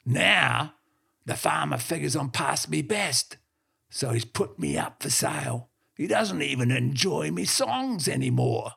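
A man voicing a gruff old male farm dog, boastfully spinning yarns and barking between tales. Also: on the high side, expressive, measured pace, sharp tone, pitched above the performer's own voice, exaggerated voice. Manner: boastful yarn-spinner, barks "boof".

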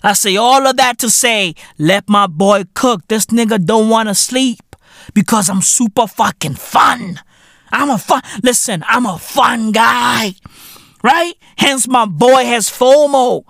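Slow-talking, swearing man. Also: extremely high pitch, creaky, no echo, clean studio sound. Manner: animated, profane, slangy storytelling with sudden shouts and sound effects. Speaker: podcast host. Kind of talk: casual comedic monologue.

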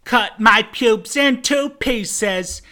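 A man voicing a cocky male nu metal singer with a Cockney accent, loud and swaggering. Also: extremely high pitch, drawn-out words, heavily acted. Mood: belting. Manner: loud, swaggering, belted singing.

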